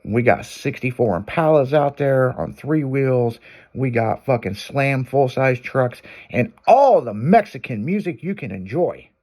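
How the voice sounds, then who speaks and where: A man's voice: mid-range voice, expressive, unhurried, a little mellow. A man hosting a radio show, telling a long crude story in loose casual talk.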